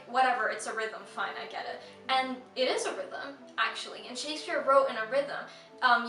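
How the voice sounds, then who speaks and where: Young woman, chatty vlog host, bright higher voice, echoey room a little off-mic, faint music. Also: recorded from a distance. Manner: chatty and reassuring, sing-song when reciting verse. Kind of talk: casual educational vlog.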